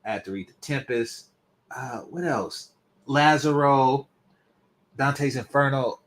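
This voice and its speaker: A man's voice: mid-range voice, takes it slowly, long pauses, fairly bright tone. A man hosting a commentary video, mocking and sarcastic, swearing freely as he reacts. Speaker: commentary channel host.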